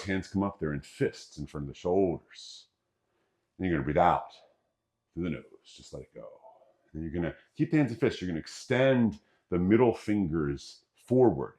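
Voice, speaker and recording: His voice sits low with a darkish tone. This middle-aged qigong instructor leads the moves with easygoing, humorous breathing cues, talking through each breath.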